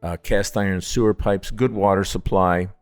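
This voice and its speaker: A man's voice: normal speed, smooth, soft background music. A middle-aged man from upstate New York, telling stories as a distillery founder in a casual interview, acting out the voices of the people in them. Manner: animated storyteller, acts out quoted voices with big pitch jumps. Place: at his distillery.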